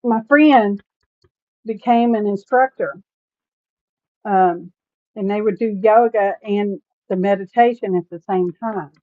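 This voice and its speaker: A woman hosting a casual crafting livestream, chatty and folksy and quick to laugh. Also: mid-range voice, no room sound. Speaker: livestream host. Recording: tinny phone-like sound, dry.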